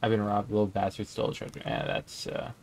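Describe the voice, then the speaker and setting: Low-key young man playing a game. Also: level tone, a little fast, creaky, husky. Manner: casual, reads game text aloud in a low-key mumble. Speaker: gaming YouTuber. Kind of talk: let's play commentary.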